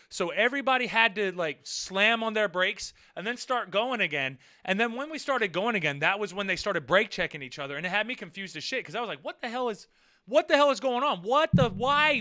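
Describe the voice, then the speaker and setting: Bright, animated man telling a story. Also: sits high. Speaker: vlogger. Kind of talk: casual storytelling vlog.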